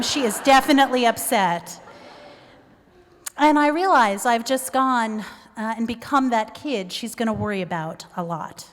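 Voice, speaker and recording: Woman storyteller, higher voice, animated and wry, live stage with long reverb. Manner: animated, self-mocking, acts out quoted voices. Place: performance venue stage.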